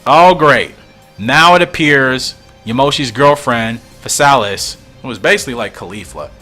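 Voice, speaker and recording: A man's voice: medium pitch, normal speed, pushed and bright, faint music behind. A man giving casual commentary while reading through a comic, musing and thinking aloud, at times confused.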